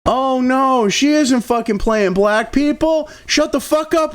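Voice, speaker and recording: A man's voice: very high-pitched, measured pace. A man from New England ranting angrily about politics, swearing constantly and dripping with sarcasm. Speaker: political commentary host. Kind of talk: profane political rant.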